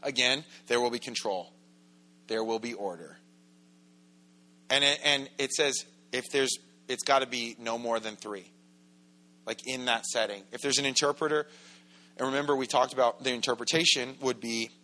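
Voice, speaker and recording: A man's voice: mid-range voice, normal speed, long pauses, sharp tone. A man preaching a sermon as pastor in a church, in a conversational, joking way that acts out quoted voices. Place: church sanctuary.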